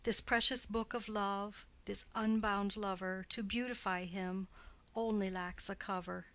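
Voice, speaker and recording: A woman reading the part of a stately noble mother in an audiobook play, speaking quietly in a low, measured way. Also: fairly even intonation.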